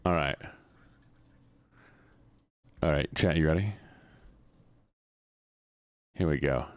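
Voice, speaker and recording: A man's voice: extremely low pitch, slow pace, no echo. A man streaming and chatting casually with his viewers in a playful, exclamatory manner, talking back to chat.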